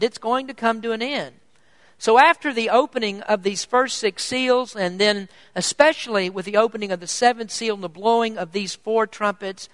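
A man's voice: sits high, a bit bright, dry recording. A man preaching an evening sermon with emphatic, urgent delivery. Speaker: pastor.

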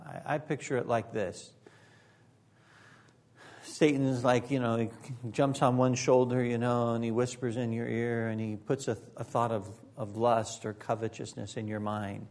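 A man's voice: medium pitch, little pitch movement, unhurried, a little mellow. A man preaching a sermon as pastor, earnest and emphatic, with occasional joking asides.

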